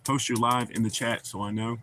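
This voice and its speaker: A man's voice: mid-range voice, steady tone, brisk, fairly bright tone, a little hiss or hum. A man hosting a casual livestream, telling long rambling stories, swearing freely and chatting with viewers he calls brother. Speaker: livestream host. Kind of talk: casual livestream chat, reading chat aloud.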